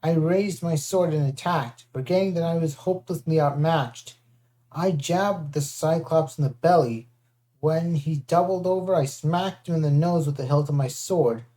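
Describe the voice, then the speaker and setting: An audiobook narrator reading a first-person adventure aloud in a lively way, switching into voices for the characters. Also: mid-range voice, moderate pace.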